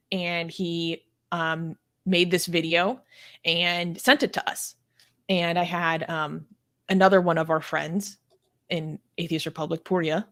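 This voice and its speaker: A woman's voice: fairly low pitch, a bit bright. A woman hosting a casual online chat, speaking in an earnest, heartfelt way with many filler words. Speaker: host, leader of an atheist community.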